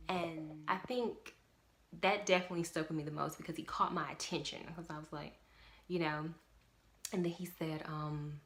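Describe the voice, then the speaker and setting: An earnest young woman speaking straight to camera in a casual vlog, leaning hard on her points with emphasis. Her voice sits a little low for a woman. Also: steady tone, moderate pace, fairly bright tone. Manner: earnest, emphatic, repeats "definitely". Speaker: parent vlogger.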